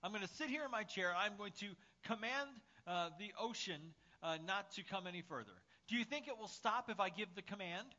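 A man voicing a proud medieval king who gives slow, loud royal commands. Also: sits high, lo-fi sound, pitched above the performer's own voice. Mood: commanding.

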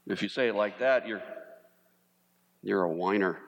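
A man preaching a sermon as pastor, animated, sometimes mimicking panicked voices for humor. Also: lowish voice, normal speed, vocal fry, muffled recording. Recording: long reverb of a large hall.

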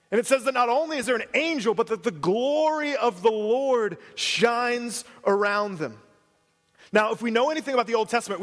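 A pastor giving a conversational sermon with casual asides and relaxed, everyday phrasing. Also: male voice, high-pitched, long reverb tail.

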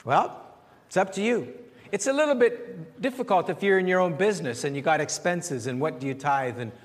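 A man pastor giving a conversational sermon with questions and answers, animated and repeating phrases as he searches for words. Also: on the high side, fairly quick, big-room sound.

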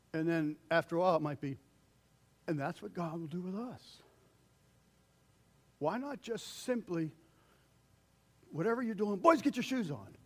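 Preaching as a pastor, this older man speaks in a slightly high voice with a conversational style. He performs the voices he quotes, moving from loud calls to hushed lines.

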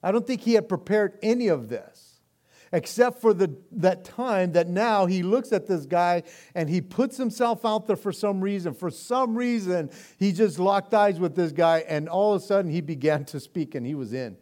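Man preaching a relaxed sermon with a fairly high voice, animated delivery and frequent restarts. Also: moderate pace. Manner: casual, animated preaching with stammered restarts and laughs. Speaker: pastor.

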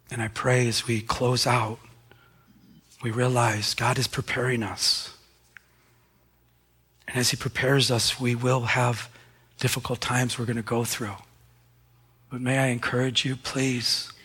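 A man's voice: medium pitch, pushed and bright, husky. A man preaching a sermon as pastor, in a conversational way that acts out little stories.

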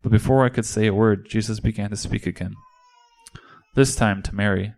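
A man's voice: lowish voice, fairly even intonation, brisk, vocal fry, darkish tone. A man performing an impassioned first-person monologue in a church service, speaking as a disciple. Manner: impassioned, indignant storytelling.

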